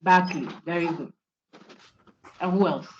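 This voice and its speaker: A woman's voice: lowish voice, normal speed, darkish tone, slight background noise. A woman giving an online university philosophy lecture, coaching students to repeat names after her. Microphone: video call. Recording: dull lo-fi online call audio.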